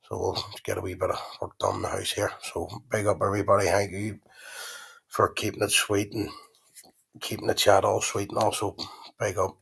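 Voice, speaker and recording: A man's voice: fairly low pitch, flat delivery, normal speed, creaky, a bit bright, husky, poor audio. A man hosting a livestream from home, speaking casually and swearing often. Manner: laid-back, swears often. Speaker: livestream host. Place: at home, lying down.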